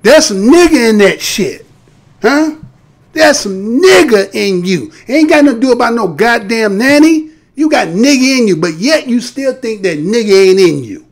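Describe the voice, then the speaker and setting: Animated gravelly-voiced man ranting. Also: very high-pitched, normal speed. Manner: animated, profane, rhetorical, mocking voices. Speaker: live show host. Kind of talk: heated live-stream commentary. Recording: live stream.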